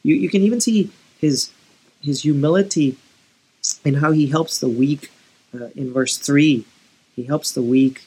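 Earnest husky male pastor preaching. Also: mid-range voice, a little mellow, poor audio. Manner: earnest, pleading, with many restarts. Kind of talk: sermon.

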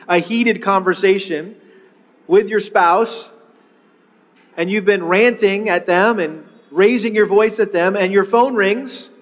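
Male pastor, high voice, earnest sermon, stumbles and repeats words, long hall reverb. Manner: earnest, repeats words when starting phrases.

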